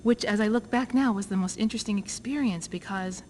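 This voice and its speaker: A woman at a conference telling her own story, lively and acting out both sides of each conversation. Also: mid-range voice, fairly quick, slight background noise, rough recording. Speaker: conference speaker. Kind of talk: personal story told to an audience. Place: conference talk.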